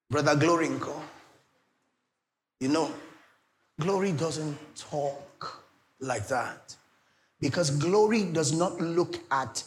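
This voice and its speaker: A middle-aged Nigerian man preaching a sermon, swinging between loud declarations and soft pleading asides. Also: fairly high pitch. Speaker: pastor.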